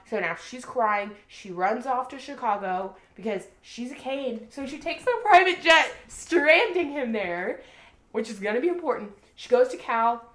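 A young woman co-hosting a podcast who recaps a book in casual chat. She is an animated storyteller who swears freely and says "like" often. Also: fairly high pitch, normal speed. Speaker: podcast co-host. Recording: roomy echo.

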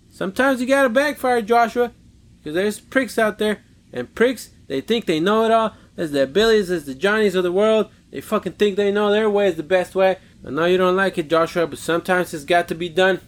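A man hosting a podcast, delivering a heated solo rant full of swearing and repeated lines for emphasis. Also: high-pitched. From United States. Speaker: podcast host.

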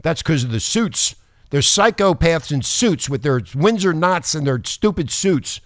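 A man's voice: a little high, expressive, a little slow, a bit bright, no room sound, studio quality. A man hosting a talk radio show, ranting angrily with profanity and mocking sarcasm. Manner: angry, profane, combative ranting.

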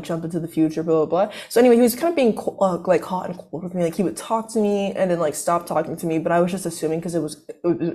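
A woman's voice: lowish voice, warm tone. A young woman, a college student, telling a long story in casual chat, full of fillers and restarts. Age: young adult. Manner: rambling, filler-heavy, self-interrupting.

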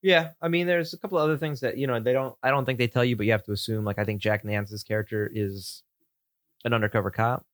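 Thoughtful halting man talking films. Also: mid-range voice, fairly even intonation, no room sound, studio quality. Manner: thoughtful, halting, many restarts while explaining. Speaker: podcast co-host. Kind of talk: casual chat about films.

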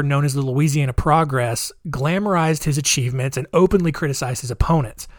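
A man's voice: a little high, no room sound, clean studio sound. A man casually telling a history story, with frequent fillers, wry jokes and asides. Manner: conversational, many fillers and asides.

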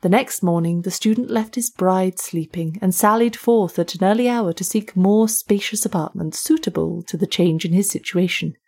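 A woman narrates a classic short story and closes the episode as its host. Her pitch sits in the ordinary middle range, and her reading is measured and even. The voice has a husky, breathy grain.

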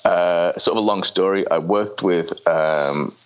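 A man's voice: sits low, unhurried, clear, resonant tone, lo-fi sound. A man from England with a Merseyside accent, a podcast guest and former brewer, telling his story in casual, hesitant talk full of fillers. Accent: Merseyside English. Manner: rambling, hesitant, many fillers. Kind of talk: casual interview chat.

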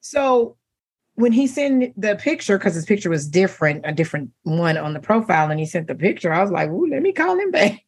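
Husky middle-aged woman on a chat show, telling a story all animated, laughing. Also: fairly low pitch, a little fast. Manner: animated, laughing, voices quoted men. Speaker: talk show co-host.

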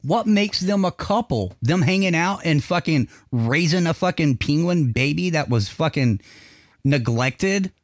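A man's voice: a little high, lively intonation, measured pace, no echo, studio quality. A man co-hosting a podcast, ranting sarcastically and swearing constantly. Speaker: podcast co-host. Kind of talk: casual chat.

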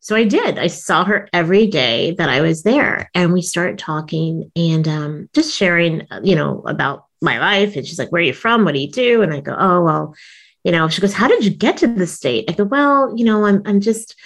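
A woman guest on an interview show, a comedian and author, with a fairly low voice. She tells stories in a lively, animated way and leaps up in pitch whenever she acts out what someone said. She laughs often as she talks. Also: normal speed. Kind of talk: storytelling interview.

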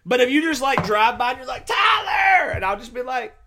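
A man's voice: very high voice, fast, shouting, some chatter behind. A man and stand-up comedian, telling profane stories in casual podcast chat and mocking the people he quotes. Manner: profane, animated storytelling, mocking quoted voices.

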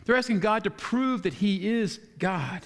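Preaching conversationally, a male pastor with a high-pitched voice first reads from a passage and then talks it through plainly. Along the way he acts out quick voices for the story's figures, keeping the tone relaxed.

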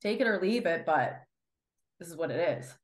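A woman's voice: on the low side, normal speed. Chatty young woman, roomy sound. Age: 20s. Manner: chatty, animated, acts out quotes. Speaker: guest wrestler. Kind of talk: casual interview chat.

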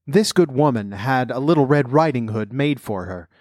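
A man narrating a fairy tale in a measured, clear storytelling voice. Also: mid-range voice, lively intonation, darkish tone, no echo, studio quality.

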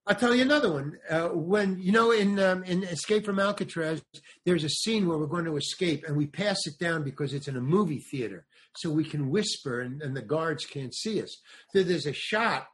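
An older man, a comedian and actor, telling anecdotes as a guest in an animated way and acting out other people's lines. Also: fairly high pitch, normal speed. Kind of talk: anecdotal storytelling.

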